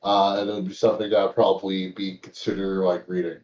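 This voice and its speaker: A man with a low, mellow voice speaks slowly and thoughtfully, pausing often with fillers. He sits away from the microphone, so he sounds roomy and muffled, as if recorded in an echoing room on a dull line. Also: level tone. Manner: thoughtful, hesitant, many fillers. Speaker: guest panelist. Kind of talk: casual chat on a live stream. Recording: dull, roomy, distant mic.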